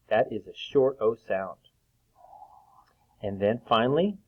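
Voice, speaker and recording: A man teaching a phonics lesson to young children, patiently drawing out each sound and clearing his throat now and then. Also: medium pitch, animated. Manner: slow, patient, drawn-out sounds. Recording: tinny phone-like recording.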